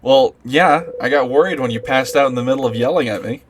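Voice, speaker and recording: A man's voice: mid-range voice, a little fast, background noise, lightly acted. A man voicing a young woman roommate who talks in a hesitant, apologetic way, over background music. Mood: concerned.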